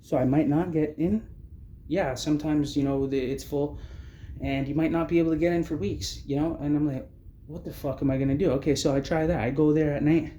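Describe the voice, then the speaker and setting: A man's voice: fairly high pitch, fairly even intonation, a little fast, warm tone, echoey room, muffled recording, a little hiss or hum. A man telling his own story of homelessness in blunt, agitated speech full of swearing. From Canada. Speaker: vlogger recounting homelessness. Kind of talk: angry personal testimony.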